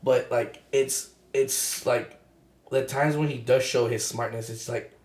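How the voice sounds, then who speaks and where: A man's voice: mid-range voice, steady tone, a little mellow. Young man rambling with fillers, echoey studio. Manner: halting, many fillers and restarts. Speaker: podcast co-host. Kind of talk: casual chat.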